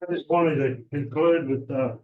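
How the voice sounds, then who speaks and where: Over phone-quality audio, a chapter member tells a folksy, easygoing story to a small club group in a restaurant meeting room. His voice is fairly high at a moderate pace, and he says "y'all" as he shares the casual anecdote.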